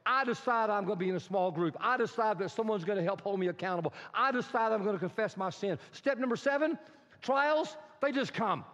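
A man preaching a sermon as pastor. He is animated and humorous, and he mimics people's complaints. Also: high voice, a little fast. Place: church hall. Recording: reverberant hall, dull sound.

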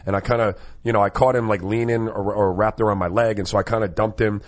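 A former basketball player co-hosting a casual sports talk show, keeping the conversation moving. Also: male voice, fairly low pitch, fairly even intonation, fast. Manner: conversational, moves the segments along.

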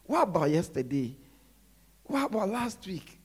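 God gently asking, as a preacher voices him. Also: mid-range voice, very animated, a little slow, slightly rough. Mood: hushed, pleading. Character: God, gently questioning a hiding man.

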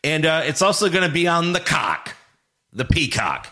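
Man, podcast co-host, relaxed news chat, hesitant fillers, bright tone. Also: a little high, moderate pace.

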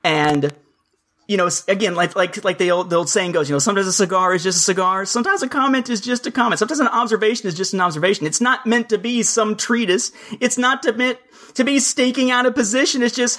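A man's voice: high voice, fast talker, a bit bright. Talkative man explaining in casual chat. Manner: talkative, explanatory, mimics quotes.

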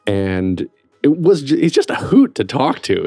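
A man hosting a theater podcast in casual chat, talkative and quick to laugh. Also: medium pitch, big pitch swings, a little mellow, dry recording, clean studio sound. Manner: chatty, laughs easily. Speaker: podcast host.

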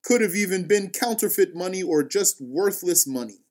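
Slowly and deliberately, a man with a high, expressive, slightly mellow voice recites scripture within a religious story and then walks through it line by line.

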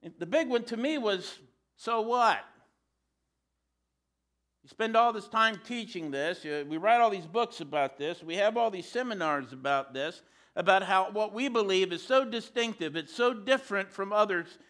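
A male preacher with a high, bright voice delivers a sermon. He keeps it conversational and drops in joking asides. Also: lively intonation, normal speed.

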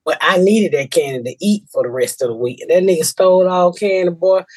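A middle-aged woman, brash and profane, swinging her pitch all over as she tells stories. Her voice is a little husky and raised in pitch. The sound is close and dry. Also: animated, a little fast, a little mellow, no echo, poor audio. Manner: brash, profane storytelling with big laughs. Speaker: podcast host. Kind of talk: casual comedic chat.

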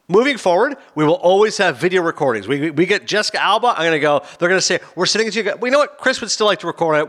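A man co-hosting a casual podcast chat, telling stories in an animated way. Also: a little high. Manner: rapid, animated storytelling. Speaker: podcast co-host.

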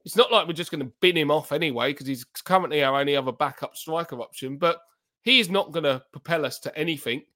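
A man's voice: on the high side, fast talker, bright, forceful tone. A man, a football podcast pundit talking in heated, emphatic casual chat and repeating his points.

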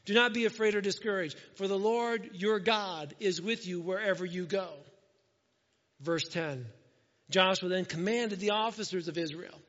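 A man's voice: sits high, fairly bright tone. A man preaching a sermon in a conversational way, often asking "right?" and acting out quotes as he reads scripture. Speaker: pastor. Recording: dull lo-fi sound with long hall reverb.

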